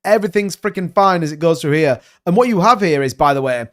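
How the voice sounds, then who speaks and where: A man giving casual crypto market commentary, animated and emphatic, rambling from point to point. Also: fairly high pitch, fast.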